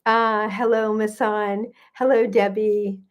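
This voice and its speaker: A middle-aged woman, a gut health coach, chatting warmly and greeting viewers by name as she hosts a livestream. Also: medium pitch, flat delivery, takes it slowly, lo-fi sound.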